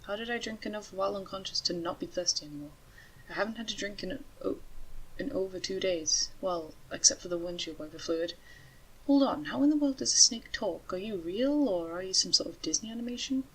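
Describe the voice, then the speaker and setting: A parched, bewildered man with a croaking voice fires off hesitant questions, as a woman reader puts him on. The tone is low and husky with a breathy edge. He fits a spoken storybook. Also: brisk, few pauses, fairly bright tone, rough recording. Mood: pleading.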